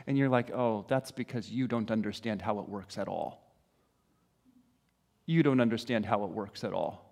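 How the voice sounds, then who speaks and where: A man preaching a sermon, talking conversationally and building to emphatic rhetorical questions. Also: on the high side. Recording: long hall reverb.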